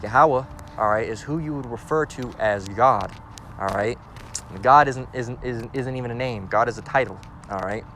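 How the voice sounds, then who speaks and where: A man's voice: mid-range voice, moderate pace, bright, forceful tone, a little hiss or hum. A man giving an informal scripture lesson, emphatic and blunt, often checking in with "all right?" and swearing freely. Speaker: religious teacher.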